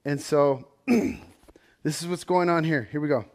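Animated, talkative man preaching casually. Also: a little high, unhurried. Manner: conversational, keeps asking "right?"; animated, swings loud and soft. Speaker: Bible study teacher. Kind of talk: casual sermon storytelling.

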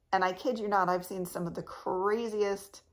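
A woman vlogger chatting casually to her viewers, rambling and laughing often, her voice a little cracked in the morning. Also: mid-range voice. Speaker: channel host. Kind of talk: casual chat to camera.

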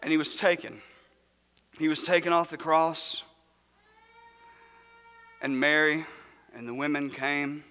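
A man's voice: on the high side, fairly even intonation, slow, long pauses, sharp tone. A man preaching a sermon in a church, speaking with fervent emphasis. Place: church sanctuary. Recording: long church reverb.

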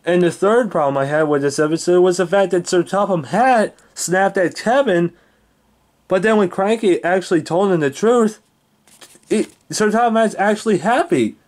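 A man's voice: high-pitched, moderate pace. A man giving a heated, swearing rant as a video reviewer, often restarting his sentences. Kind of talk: angry ranting review.

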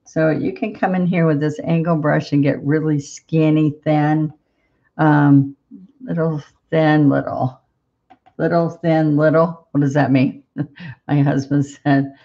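A woman leads a live painting lesson in an unhurried, fairly level voice, chatting to viewers as she works. The sound is a little dull, like live-stream audio. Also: low-pitched, fairly even intonation, creaky, mellow. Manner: chatty, encouraging, talks to viewers while painting. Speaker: painting instructor.

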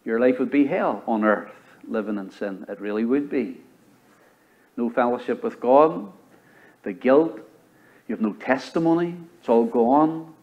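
A man with a Southern US accent preaching a sermon as pastor, rising to loud high exhortation and dropping to low, quiet emphasis. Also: unhurried, long pauses, highs cut off. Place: church sanctuary.

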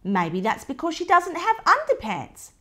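A woman's voice: very high-pitched, wildly swooping pitch, a little slow, sharp tone, voice pushed up, full character voice. A woman voicing a playful, imaginative young child who narrates a read-aloud storybook.

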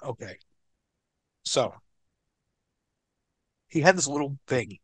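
A man who is a guest in an interview, telling a story in an animated, profane way. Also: mid-range voice, slow pace, breathy edge, dry recording.

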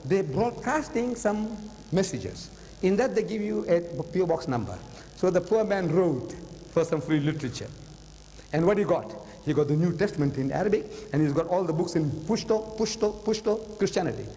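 A man's voice: high-pitched, expressive, normal speed, dark tone, big-room sound, a little hiss or hum, rough recording. An older man telling a story in a public lecture to a live audience, dramatic and repeating phrases for emphasis. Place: lecture hall.

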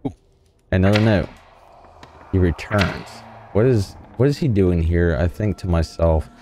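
A man's voice: sits low, measured pace, noisy background. A man playing a horror game and commenting casually to himself, jumpy and a little nervous, sometimes reading in-game notes aloud. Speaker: gaming channel host.

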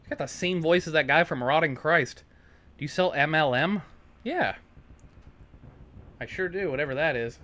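A man's voice: fairly high pitch, moderate pace, pauses often, pushed and bright. Profane joking man streaming a game. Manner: profane, joking, reads chat aloud. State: tired. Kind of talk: casual let's-play chat. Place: home.

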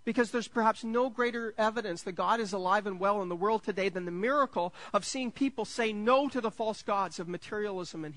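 High-voiced, jokey pastor preaching. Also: male voice, no echo, low-quality recording. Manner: jokey, enthusiastic preaching that builds to excited peaks; self-deprecating, with stammered restarts. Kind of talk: sermon.

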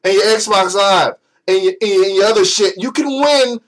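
A young man, high-voiced, rants in exasperation, swearing constantly. His delivery is sarcastic and heated, like a gaming vlogger venting at his audience. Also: normal speed, a bit bright, rough recording. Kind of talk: angry rant.

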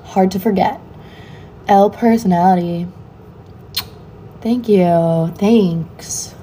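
A woman's voice: mid-range voice, slow pace, mellow, a little hiss or hum. A young woman, a student, chatting casually on a phone livestream, reading viewers' comments aloud and answering them offhandedly. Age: young adult.

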